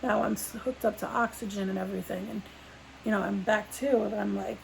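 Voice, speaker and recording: Gravelly-voiced woman rambling through a story. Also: medium pitch, fairly even intonation, fairly quick, a little hiss or hum, poor audio. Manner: rambling, full of "like" fillers and restarts. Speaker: vlogger. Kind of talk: casual sit-down storytelling.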